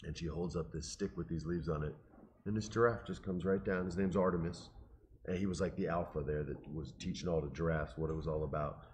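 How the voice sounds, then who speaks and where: A middle-aged man casually telling an emotional, animated story and quoting the people in it. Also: low-pitched, brisk, a little hiss or hum. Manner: animated, emotional, quotes people in his stories.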